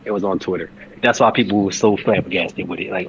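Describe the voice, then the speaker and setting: A man with a low voice joins a casual chat, his talk excitable and slangy, often breaking off and starting again. The recording is dull and lo-fi. A faint ambient hiss runs behind him. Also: quick pace. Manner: excitable, slangy, full of restarts. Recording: dull lo-fi sound.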